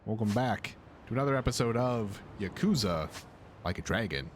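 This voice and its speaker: A man's voice: on the low side, expressive, normal speed, a little hiss or hum. A male streamer giving casual, rambling commentary on a video game, with hesitations.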